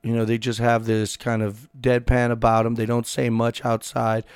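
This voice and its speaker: A man co-hosting a casual chat, gravelly and halting, often restarting his sentences in a jokey way. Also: medium pitch, completely flat delivery, a little mellow, no echo, clean studio sound. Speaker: podcast co-host.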